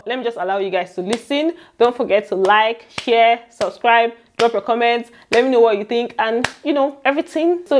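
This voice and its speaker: Nigerian woman vlogger, casual chatty delivery in a middle voice, pauses to find words. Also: medium pitch. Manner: chatty, relaxed, searches for words. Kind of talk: casual chat.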